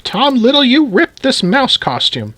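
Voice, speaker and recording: A man voicing an elderly, tiny grandmother with a crisp, scolding, practical manner. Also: very high-pitched, huge pitch swings, a little slow, pushed and bright, no room sound, pitched above the performer's own voice, full character voice. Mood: brisk.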